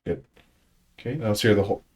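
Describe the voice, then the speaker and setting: A man with a fairly low voice leads a casual language study session. He explains grammar patiently, thinking aloud with many fillers and restarts. Between exercises he offers learners brief words of praise. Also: steady tone, fast talker, darkish tone. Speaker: study group leader teaching Tongan.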